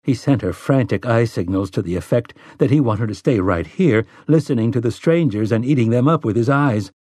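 A man narrating an audiobook in a measured storytelling manner. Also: mid-range voice, lively intonation, dark tone, breathy edge, no room sound, studio quality. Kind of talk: scripted narration.

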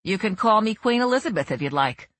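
A woman reading an audiobook voices a loud, blunt, wealthy woman with a nasal voice. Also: mid-range voice, animated, fast, no echo, voice pushed up.

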